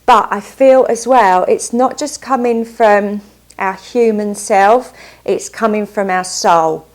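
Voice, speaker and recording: A woman's voice: mid-range voice, slow, a little mellow. A woman doing a casual tarot card reading, upbeat and chatty, often stopping to add asides. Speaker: tarot reader.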